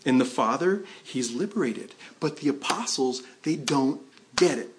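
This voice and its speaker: A man's voice: mid-range voice, animated, unhurried, noisy background. A man preaching a sermon to a church congregation. He talks in a conversational way, with fillers and restarts, and acts out the quotes he tells. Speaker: pastor.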